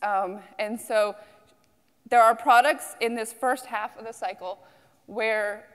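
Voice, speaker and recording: Earnest woman pitching in a reverberant hall. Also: steady tone, slow pace, clean tone. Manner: earnest, personal, many ums. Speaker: company founder and CEO. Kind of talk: startup pitch talk.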